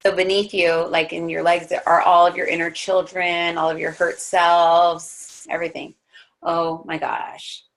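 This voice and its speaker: A woman's voice: fairly low pitch, flat delivery, measured pace, low-quality recording. A young woman leading a guided visualization class in a casual, chatty way, full of filler words. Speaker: spiritual teacher leading a guided meditation.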